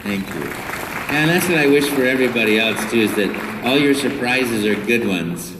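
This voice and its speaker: A man who is a voice actor answering fan questions at a convention panel, enthusiastic and animated, full of restarts, recorded by phone from the audience. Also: mid-range voice, normal speed, crowd noise, background noise. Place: large convention hall. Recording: echoey hall from far off, phone.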